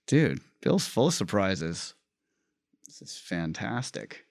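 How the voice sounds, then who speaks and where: Upbeat low-voiced man, chatty and eager. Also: big pitch swings, takes it slowly, creaky, no room sound, studio quality. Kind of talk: casual podcast conversation.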